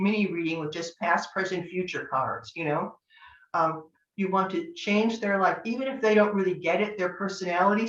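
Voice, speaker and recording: A woman's voice: mid-range voice, muffled recording. Chatty older woman, echoey distant sound. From Northern California. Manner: chatty, anecdotal, acts out quoted dialogue. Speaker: tarot teacher. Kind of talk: online master class talk.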